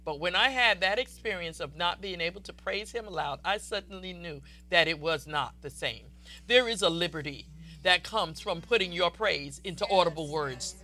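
A woman preacher delivering a fervent, exuberant sermon that swells into loud declarations. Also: on the low side, moderate pace.

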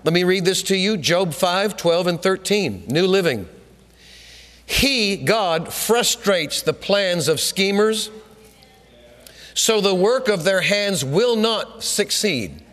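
A man delivers a sermon with slow, drawn-out phrasing and a wide, swinging pitch. He repeats lines emphatically and climbs into shouts. His voice carries a long hall reverb. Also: slight background noise. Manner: emphatic, repetitive, builds to shouts. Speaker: preacher.

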